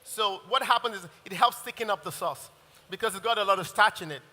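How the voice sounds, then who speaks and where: A man's voice: high voice, fairly quick, pushed and bright. A middle-aged man, a chef giving a live masterclass in a chatty, laughing way and often restarting his sentences. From Nigeria. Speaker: chef giving a cooking demonstration. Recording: reverberant event hall.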